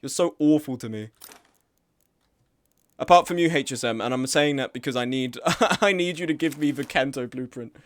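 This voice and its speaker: A man's voice: mid-range voice, moderate pace, fairly bright tone. A man live-streaming a game, chatting casually with his chat in a sweary, self-deprecating way.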